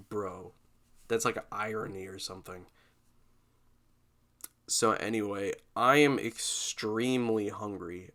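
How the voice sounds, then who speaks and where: A man's voice: fairly low pitch, bright, forceful tone. Glum-sounding man rambling on his podcast. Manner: self-deprecating, jokey. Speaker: podcast host. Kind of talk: rambling casual monologue.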